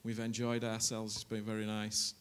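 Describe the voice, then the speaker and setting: A man's voice: lowish voice, monotone, moderate pace, smooth. A man, a pastor who welcomes visiting guests to his church in a rambling way full of fillers. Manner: warm, rambling, hesitant with fillers.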